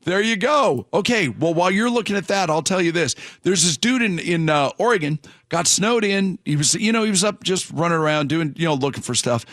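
Guy on morning radio, kinda high voice, rambly, dry close mic. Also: lively intonation, brisk, hardly any pauses, a bit bright, no room sound. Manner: chatty, rambling, with fillers and restarts. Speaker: radio show host. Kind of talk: casual morning radio chat. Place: radio studio.

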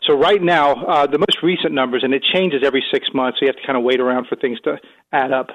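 A man appearing as a policy expert on a radio show, explaining in a measured way. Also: medium pitch, fairly even intonation, fairly bright tone, no room sound, dull audio. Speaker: policy think tank guest. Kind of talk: radio interview.

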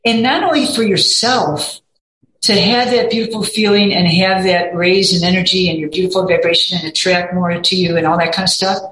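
A woman's voice: lowish voice, fairly even intonation, a little fast, fairly bright tone. Earnest rambling woman in echoey room. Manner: earnest, rambling, many restarts and quoted self-talk. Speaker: podcast guest. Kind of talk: casual chat. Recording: roomy echo, faint background.

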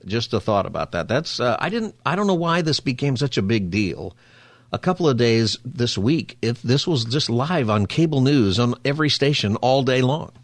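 A man hosting a radio talk show, chatting quickly and casually with jokey asides into a studio microphone. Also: mid-range voice, big pitch swings, no room sound.

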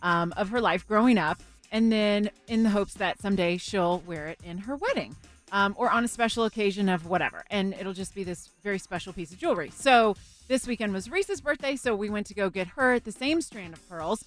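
A woman's voice: mid-range voice, expressive, brisk, soft background music. Chatty, laughing woman co-host. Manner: warm, laughing, chatty storyteller. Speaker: radio co-host. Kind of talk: casual radio chat and timed storytelling.

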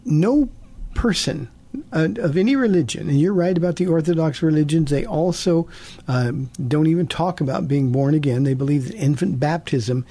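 A man's voice: fairly high pitch, normal speed, dark tone. A man in his sixties hosting a call-in radio Bible show, earnest and repeating words as he restarts. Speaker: radio pastor and call-in host.

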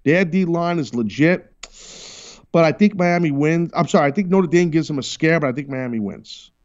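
A man hosting a sports talk show, brash and animated, teasing his crew as he talks. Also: fairly high pitch, moderate pace, muffled recording. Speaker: radio show host.

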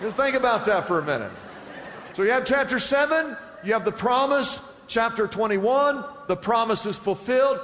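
A man's voice: very high voice, animated, moderate pace, fairly bright tone, big-room sound, a little hiss or hum. A male pastor preaching a sermon, acting out Bible scenes and reading scripture aloud.

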